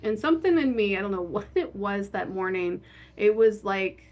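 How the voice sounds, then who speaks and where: A woman guest telling a personal story in a casual, animated way, laughing often and saying "like" a lot. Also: medium pitch, moderate pace. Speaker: guest, horror author and spirit board practitioner.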